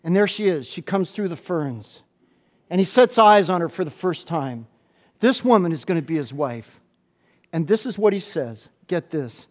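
Very high-voiced male pastor preaching. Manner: animated and playful, with stuttered restarts. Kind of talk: sermon. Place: church, speaking to a congregation.

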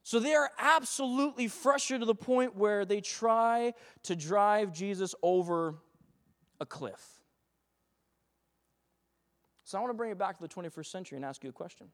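A young pastor delivers a lively sermon, slipping in little acted voices of doubting people. His voice sits high for a man. The sound rings with the long reverb of a church hall. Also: normal speed, pauses often.

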